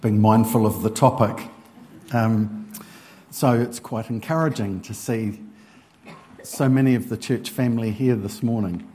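A man preaching a church sermon, unhurried and hesitant, with frequent pauses and ums. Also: fairly low pitch, warm tone, a little hiss or hum.

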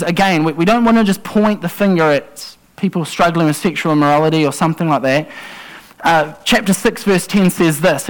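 A man's voice: a little high, poor audio. A man preaching a sermon to a congregation in a conversational way, with asides and self-corrections. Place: church congregation.

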